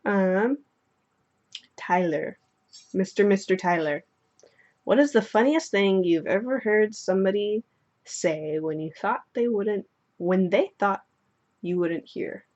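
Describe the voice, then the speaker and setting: A woman's voice: mid-range voice, takes it slowly, pauses often. A young woman answering follower questions in casual chat, playful and swearing freely as she tells stories. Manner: playful, swearing, animated storytelling. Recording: dull lo-fi sound.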